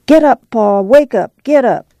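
A man's voice: very high voice, animated, a little slow, warm tone, no room sound, clean studio sound, pitched above the performer's own voice, exaggerated voice. A man voicing a weary, determined farm mother who gives firm orders in plain rural dialect. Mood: firm, urging.

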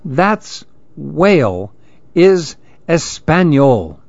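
A man's voice: a little high, very animated, very slow, vocal fry, dry recording, voice pushed up, full character voice. A man voicing a playful Dominican mother in a storybook reading, teasing and sprinkling in Spanish words. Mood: cheerful. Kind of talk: storybook narration. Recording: dull lo-fi dry recording.

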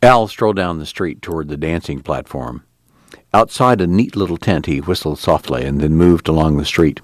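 A man narrating an audiobook with expressive storytelling. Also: very deep voice, normal speed, no echo.

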